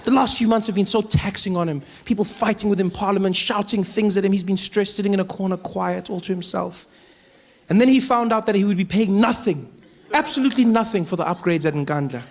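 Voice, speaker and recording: A man doing stand-up comedy in a large theater, animated and acting out voices. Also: high-pitched, fairly quick. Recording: echoey hall, faint crowd.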